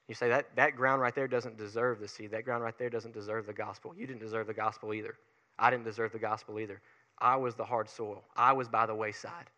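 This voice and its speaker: Folksy Southern preacher, bright voice. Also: male voice, mid-range voice, in a large hall. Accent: Southern US, Alabama Gulf Coast. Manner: energetic, fast when fired up, folksy. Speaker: pastor. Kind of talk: sermon.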